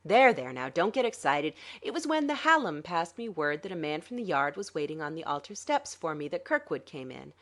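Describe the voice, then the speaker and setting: A cool, scheming male swindler, voiced by a woman narrator, dry and condescending. The delivery lilts up and down with animated sarcasm. Heard in a dramatic audiobook reading. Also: low-pitched, fairly quick, few pauses, heavily acted. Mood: smug.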